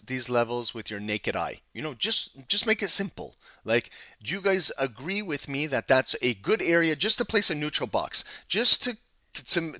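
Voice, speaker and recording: Chatty man teaching live trading, bright voice. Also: medium pitch, dry recording. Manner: casual, talkative, many ums and restarts. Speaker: trading instructor. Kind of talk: live screen-share trading lesson.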